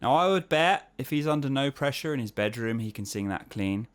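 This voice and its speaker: A man's voice: mid-range voice, lively intonation, brisk, loud music behind the voice. A man teaching singing in a casual, chatty way. He explains technique, then sings short vocal exercises to demonstrate. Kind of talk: online singing lesson answering viewer emails.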